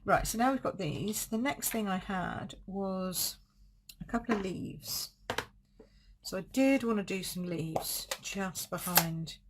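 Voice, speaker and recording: A woman with a medium-pitched voice talks slowly over background noise while running a live card-making demo from a desk streaming setup. She chats as she goes, thinking out loud and correcting herself.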